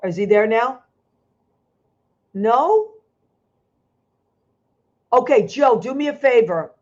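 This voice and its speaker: A woman's voice: medium pitch, darkish tone. An effusive, emotional woman hosts a chat show over a video call. She talks in gushing bursts and keeps restarting her sentences. Her voice sits in a middle register, and the audio is dull and lo-fi. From Italian-American. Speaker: host.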